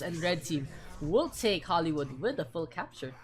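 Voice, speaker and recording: A woman's voice: low voice, very animated. Punning woman esports caster. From Philippines. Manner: quick, punning play-by-play. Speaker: play-by-play caster. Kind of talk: esports play-by-play commentary.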